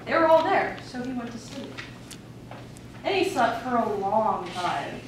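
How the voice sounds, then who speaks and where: High-voiced woman reading a kids story in class, super echoey room, far from mic. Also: unhurried, background noise. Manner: expressive, playful storytelling. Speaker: student storyteller.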